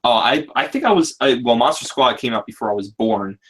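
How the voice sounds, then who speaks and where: A man's voice: medium pitch, expressive, a little fast, fairly bright tone, slightly rough. A man in his thirties hosting a casual group talk, rambling with many fillers and restarts. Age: 30s. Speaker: podcast host.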